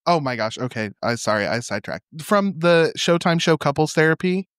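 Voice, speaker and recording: A man guest on a podcast, chatting casually and enthusiastically with quick witty asides. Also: a little high, expressive, a bit bright, clean tone, dry recording, studio quality.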